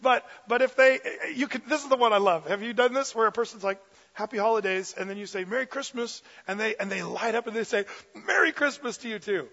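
A man preaching a sermon in an energetic, conversational way with frequent fillers. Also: high voice, quick pace, hardly any pauses, big-room sound, highs cut off. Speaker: pastor.

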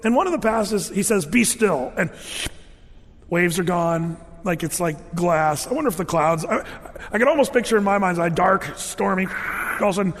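A man preaching a sermon, telling Bible stories in a lively way, acting out quotes and adding sound effects. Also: sits high, normal speed, big-room sound. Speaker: pastor.

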